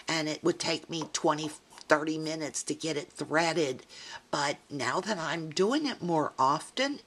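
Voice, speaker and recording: A woman's voice: sits low, a bit bright. A middle-aged woman chatting casually as she shows her scrapbook pages, rambling and poking fun at herself. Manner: chatty, self-deprecating, rambling asides. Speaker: scrapbooking vlogger. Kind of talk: casual show-and-tell chat.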